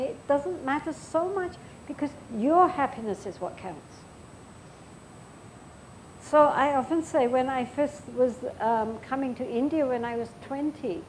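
An older woman gives a dharma talk as a Buddhist teacher. Her voice sits a little high, and she speaks gently and thoughtfully. She tells personal stories slowly and pauses often. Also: slight background noise, low-quality recording. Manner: gentle, reflective storytelling with frequent pauses.

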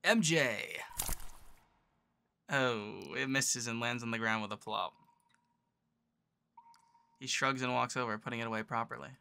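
A man reading a visual novel aloud in the first person, narrating in a casual, low-key way. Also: steady tone, normal speed, gravelly, long pauses, bright, forceful tone, smooth.

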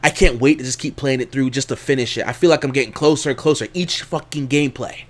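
A man hosting a horror game let's play, talking profanely and nervously, yelping and shouting when scared. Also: medium pitch, quick pace. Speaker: gaming video host.

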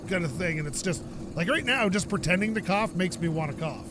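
A man's voice: sits high, a little fast, background noise. A man from Canada rambling through casual let's-play commentary, a bit stuffed-up from dust and laughing often. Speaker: gaming YouTuber.

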